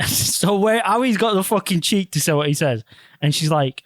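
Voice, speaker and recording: A young man chatting on a podcast and retelling a story with lots of swearing and acted-out quotes. His voice sits a little high for a man, and it sounds dry and close to the mic. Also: brisk, dry recording. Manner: animated storytelling, swears a lot, acts out quotes. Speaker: podcast host. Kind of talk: casual chat.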